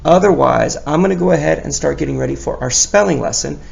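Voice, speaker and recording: A man's voice: on the high side, fast talker, creaky. A male teacher giving a recorded spelling lesson for young children, patient and encouraging as he sounds out each letter and praises often.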